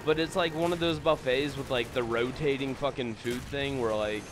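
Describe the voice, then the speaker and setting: A man's voice: mid-range voice, moderate pace, background noise. Rambling, profane young man telling stories. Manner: rambling, profane, filler-heavy. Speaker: gameplay commentator. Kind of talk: casual storytelling over gameplay.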